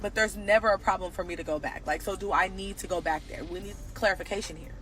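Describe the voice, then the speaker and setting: A woman recounts a personal drama in a loose storytime monologue, her voice bright and forceful. She talks bluntly and swears freely, and a faint bed of music plays underneath. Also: medium pitch, fast. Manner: blunt, profane, animated retelling.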